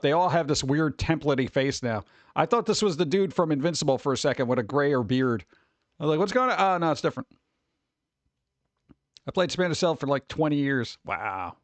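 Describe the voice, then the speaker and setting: A man's voice: fairly high pitch, no echo. A man streaming live, chatting casually and reading news aloud with offhand jokes in a rambling way.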